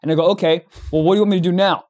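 A young man co-hosting a podcast, telling a story in casual chat, animated and profane, acting out the dialogue. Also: high voice, very fast. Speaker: podcast co-host.

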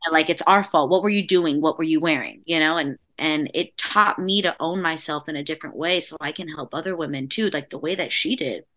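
A woman's voice: sits low, brisk, hardly any pauses. A woman actress, a guest in an interview, telling emotional stories and voicing the people in them. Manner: animated, voices other people in her stories.

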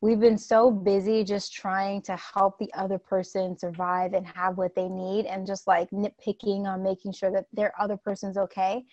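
A woman's voice: mid-range voice, level tone, moderate pace, hardly any pauses, darkish tone, no echo, highs cut off. A woman money coach hosting an interview, gushing, tearful at times and swearing casually. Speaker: money coach and podcast host. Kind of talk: emotional conversational interview.

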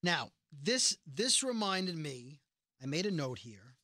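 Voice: mid-range voice, slow pace, no room sound, studio quality. A podcast host recapping a TV episode in casual chat, acting out the characters' lines as they go. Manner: animated retelling, acts out quoted lines.

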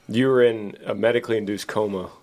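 A man's voice: lowish voice, fairly even intonation, fast talker, darkish tone. A man hosting a podcast, asking informal, curious questions. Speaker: podcast host. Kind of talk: casual interview.

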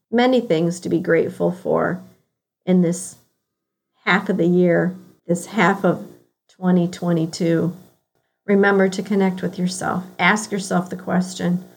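A woman with a Midwestern American accent hosting a reflective motivational podcast, earnestly posing one question after another and slowing down on key words. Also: mid-range voice, a little mellow. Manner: earnest, asks herself a string of questions, slows on key words. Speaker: podcast host.

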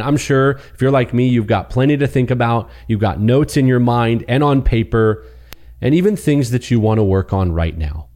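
Warm-voiced earnest male podcast host. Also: mid-range voice. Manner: earnest, encouraging. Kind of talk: reflective outro.

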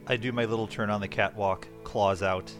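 A man's voice: lowish voice, steady tone, normal speed, faint music behind. A man playing a tabletop game, describing his cat character's actions casually and playfully. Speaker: player.

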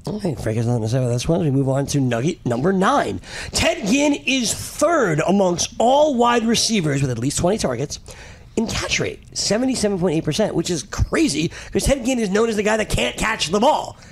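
A man hosting a relaxed sports talk show, his voice swinging up and down with energy. There is a gravelly edge to his tone. He reads figures out briskly and cracks quick jokes. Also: sits high. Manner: animated stat-reading with quick quips. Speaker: podcast host. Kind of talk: casual sports chat.

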